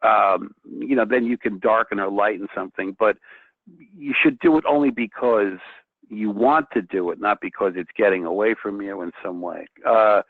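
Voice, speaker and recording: A man speaking as a guest painter in a casual chat, excitable and often restarting his sentences. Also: lowish voice, moderate pace, no room sound. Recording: tinny phone-like line, dry.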